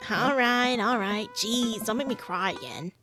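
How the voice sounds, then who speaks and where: A cheeky, sarcastic teenage girl, read by a woman playing through a game. She tosses off teasing deadpan quips in a fairly high voice. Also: a little slow, over music, natural voice. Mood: sheepish. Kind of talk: reading game dialogue aloud.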